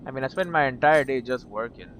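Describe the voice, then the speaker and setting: A man's voice: medium pitch, quick pace, fairly bright tone, slight background noise, poor audio. A man casually commentating as he plays a video game, muttering to himself and swearing now and then. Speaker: game streamer. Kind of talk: let's play commentary.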